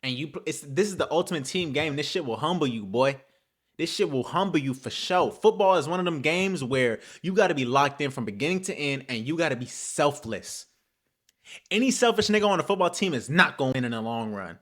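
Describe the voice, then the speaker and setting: Talking briskly, the young solo host of a football show swings from low mutters to loud trash talk full of swearing, his voice pitched slightly high for a man.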